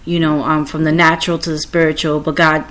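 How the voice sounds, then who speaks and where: Low-voiced woman hosting Christian radio. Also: flat delivery, a little fast, a bit bright. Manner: earnest, declaring, with fillers and stumbles on words. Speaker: radio host. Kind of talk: Christian prophetic radio talk and prayer.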